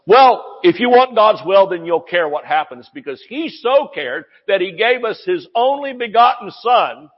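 A man preaching a sermon in a church, excitable and exclamatory, asking the congregation rhetorical questions. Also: sits high, husky. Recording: muffled sound in a reverberant hall.

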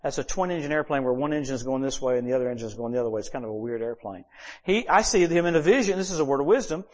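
A man preaching at a church service, telling personal stories and acting out quoted dialogue with sudden jumps in loudness. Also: medium pitch, racing. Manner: animated storyteller who acts out quoted dialogue with sudden shifts in loudness. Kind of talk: sermon storytelling.

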